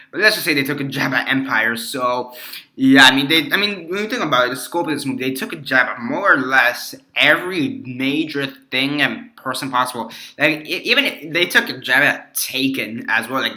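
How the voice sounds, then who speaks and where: A man's voice: mid-range voice, moderate pace, sharp tone. A man casually reviewing a movie on his video channel, rambling with many fillers and restarts and swearing freely.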